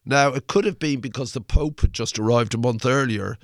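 A man's voice: mid-range voice, brisk, no room sound, clean studio sound. An older Irish man, a musician guest, telling a long anecdote in a rambling way, full of fillers and the odd swear word. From Ireland. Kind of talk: anecdotal interview storytelling.

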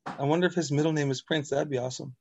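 A man co-hosting a podcast, laid-back in casual, profane chat and quick to riff on his partner's stories. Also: fairly high pitch, fairly even intonation, creaky, darkish tone, highs cut off, slight background noise. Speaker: podcast co-host.

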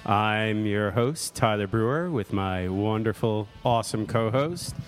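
Guy hosting a chill podcast, talks slow, joking around, long room echo. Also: lowish voice, faint music behind. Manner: playful, jokey, laughs often. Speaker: podcast host. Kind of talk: casual podcast chat. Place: studio in Brooklyn.

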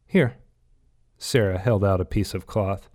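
A man reading a novel aloud in steady, scripted audiobook narration. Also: sits low, normal speed.

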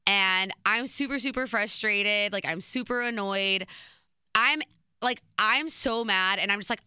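Bright, crisp-voiced young woman vlogger. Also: mid-range voice, measured pace, no room sound, studio quality. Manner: chatty, filler-heavy, animated retelling. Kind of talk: casual storytelling.

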